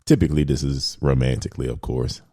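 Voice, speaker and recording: A young man co-hosting a podcast, talking things through slowly and reflectively. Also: very deep voice, fairly even intonation. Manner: slow, reflective, thinking out loud. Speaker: podcast co-host. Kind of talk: casual chat.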